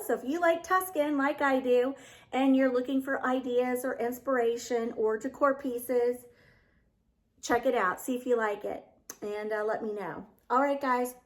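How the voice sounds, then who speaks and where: Woman decor vlogger, slightly high voice, gushing, heartfelt casual chat to camera. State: getting emotional. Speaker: home decor YouTuber. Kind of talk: casual vlog chat to viewers.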